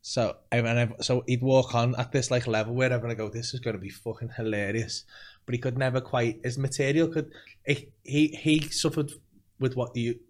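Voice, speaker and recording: A man's voice: mid-range voice, steady tone, a little fast. A man hosting a comedy podcast, telling rambling anecdotes, laughing often and swearing. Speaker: podcast host and comedy club compere. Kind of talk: casual podcast chat.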